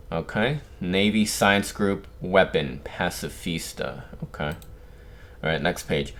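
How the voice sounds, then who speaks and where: A man's voice: low voice, unhurried, fairly bright tone. A young man casually reacting to manga chapters and reading them aloud, with frequent fillers and restarts.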